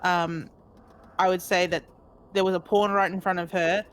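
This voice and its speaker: A woman streams a retro game while chatting casually and telling rambling stories full of fillers. Her voice is on the low side, with a flat delivery and a moderate pace.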